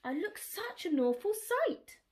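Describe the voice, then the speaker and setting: A woman's voice: extremely high pitch, sing-song, measured pace, voice pushed up, heavily acted. A woman voicing a nervous, dramatic young cow in a children's storybook read-aloud, wailing and mooing anxiously.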